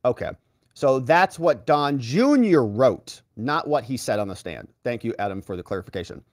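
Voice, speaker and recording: Brief: male legal commentator, lively sarcastic delivery, voices swing up and down, dry close mic. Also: medium pitch, moderate pace, no echo. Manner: animated, sarcastic, acts out quotes in voices. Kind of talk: casual commentary retelling court testimony.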